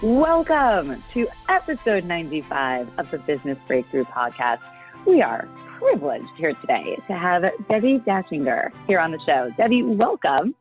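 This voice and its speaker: A woman's voice: fairly low pitch, very animated, moderate pace, faint music behind. A woman hosting a podcast interview, bubbly and enthusiastic as she reads the guest's introduction and asks questions. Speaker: podcast host. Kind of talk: interview host chat. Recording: dry, tinny phone-like line.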